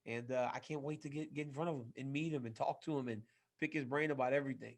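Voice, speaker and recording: A man's voice: mid-range voice, fairly even intonation, quick pace. A man co-hosting a casual sports podcast, enthusiastic and repeating phrases for emphasis. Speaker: podcast co-host.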